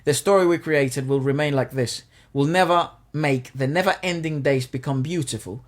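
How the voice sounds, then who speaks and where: A man's voice: a little high, moderate pace. A man co-hosting a casual music reaction chat, reading song lyrics aloud and cracking jokes, swearing now and then. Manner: swears casually, jokey, uses British slang. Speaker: co-host reacting to music videos.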